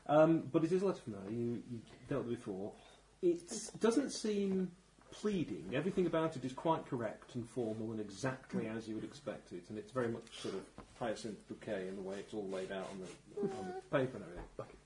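A man's voice: medium pitch, wildly swooping pitch, a little fast, warm tone, reverberant, slight background noise, low-quality recording. A man running a tabletop game as game master, narrating with dry wit and many hesitations.

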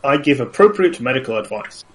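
A man playing a tabletop game, speaking in a measured, deadpan way. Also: medium pitch, a little hiss or hum, rough recording. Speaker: player. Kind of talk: casual tabletop game chat.

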